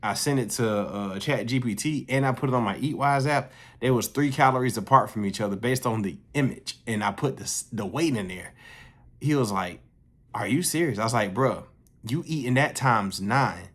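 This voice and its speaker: A young man telling a casual story, profane and animated, jumping his voice up high when he quotes others. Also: normal speed.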